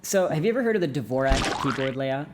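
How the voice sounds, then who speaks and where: Brief: young man, mid-pitched, comic language teacher, playful and exaggerated. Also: lively intonation, fairly quick, noisy background. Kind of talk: jokey video lesson.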